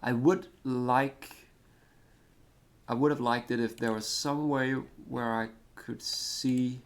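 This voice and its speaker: A Danish man talks his way through a retro football management game in a loose, rambling commentary. His voice sits at an ordinary pitch with a gravelly, fry-tinged texture. He hesitates often and pokes fun at himself. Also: steady tone, takes it slowly. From Denmark. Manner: rambling, hesitant, self-deprecating. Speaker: gaming commentator. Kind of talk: casual let's-play commentary.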